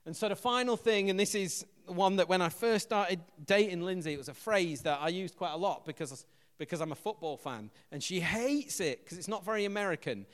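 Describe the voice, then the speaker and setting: An English man preaching a sermon as pastor, an animated storyteller who acts out quotes loudly. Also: high-pitched, fairly quick, long reverb tail. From England.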